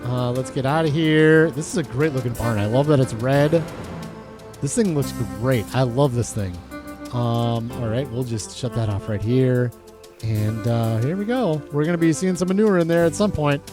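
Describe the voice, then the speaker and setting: A man hosting a casual let's-play, chatting and thinking aloud with lots of fillers and excited outbursts. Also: mid-range voice, normal speed, over music. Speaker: gaming channel host.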